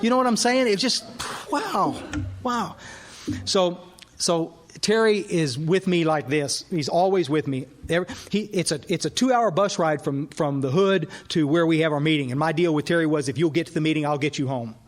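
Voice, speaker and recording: Man speaking at a recovery workshop, lively storyteller who voices the people in his story, slightly high voice. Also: brisk. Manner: animated storyteller, acts out dialogue. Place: workshop hall.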